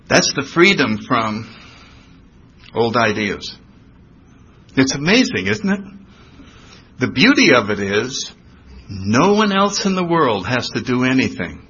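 An older man telling his recovery story in a personal talk, animated, acting out the voices of the people he describes. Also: mid-range voice, normal speed, a little hiss or hum. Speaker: recovery speaker. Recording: dull lo-fi recording.

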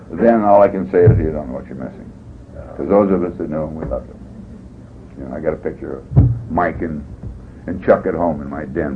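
An older man sharing his story at a recovery meeting, folksy and jokey in an animated storytelling way. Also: low-pitched. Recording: dull lo-fi tape with faint hiss.

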